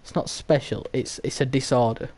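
Man, gaming streamer, crude, mocking, stammering, medium pitch. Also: fairly even intonation, normal speed, darkish tone. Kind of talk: casual stream banter.

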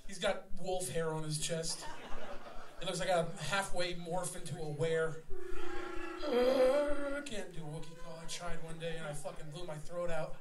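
A young man, a rapper fronting a live show, trading loud, profane, laughing banter with the crowd on a small theater stage. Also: on the high side, moderate pace, background noise. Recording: echoey live room, mic heard from far, loud crowd.

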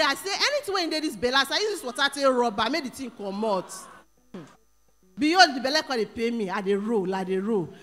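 Bright-voiced woman with a Nigerian Pidgin accent. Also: on the high side, big-room sound. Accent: Nigerian Pidgin English. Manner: storytelling that acts out quotes, rising to exclamations. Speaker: church member giving testimony. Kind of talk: animated testimony. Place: church hall.

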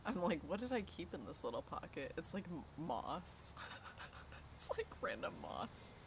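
A woman's voice: sits low, very animated, a little slow, background noise. A young woman live-streaming outdoors on her phone, chatting with viewers, telling a story and laughing often. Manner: chatty storyteller who laughs often and reads chat aloud. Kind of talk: casual chat with viewers. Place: outdoors in the sun.

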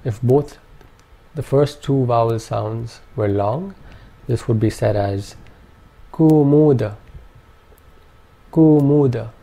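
A man calmly narrating a pronunciation lesson with measured, precise enunciation. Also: medium pitch, vocal fry. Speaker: language teacher. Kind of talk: instructional narration.

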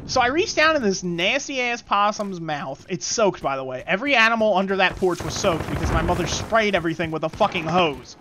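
A streamer chats through a long, rambling story while playing a shooter, swearing freely and dropping quick callouts. The voice rises and falls a lot as it talks. Heavy game gunfire and clicks run loudly underneath. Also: mid-range voice, noisy background. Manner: profane, rambling, animated storyteller; gives quick gameplay callouts. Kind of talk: casual storytelling while gaming. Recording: loud game gunfire behind voice. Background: shooter game gunfire and announcer callouts.

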